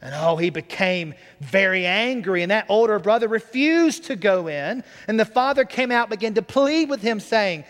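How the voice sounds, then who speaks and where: A man preaching, retelling a story with earnest, drawn-out emphasis and soft drops. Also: sits high, animated, in a large hall. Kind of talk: sermon storytelling.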